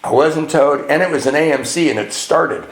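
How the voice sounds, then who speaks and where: A middle-aged man from California speaking at a retreat, telling his recovery story to an audience with self-mocking humor and sudden jumps into high voices for the comic parts. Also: normal speed, a loud crowd. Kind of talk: storytelling talk to a live audience. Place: retreat hall. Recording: echoey room.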